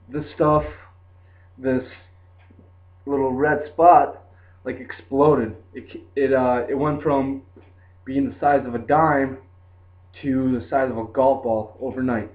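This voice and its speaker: A man's voice: mid-range voice, steady tone, slow, pauses often. A young man telling a story in a casual, rambling way, full of fillers like "like" and "dude". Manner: rambling, laid-back, lots of "like" and "dude". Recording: tinny lo-fi phone-like sound.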